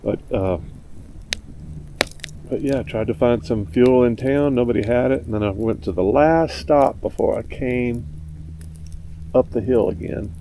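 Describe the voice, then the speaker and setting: Man, gravelly, mellow dark voice, rambling outdoor vlog, blunt and grumbly, faint background noise. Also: mid-range voice, a little slow, pauses often, rough recording. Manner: rambling, gruff, blunt, grumbling about neighbors. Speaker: motorcycle vlogger. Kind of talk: casual vlog monologue. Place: outdoors at a mountain campsite.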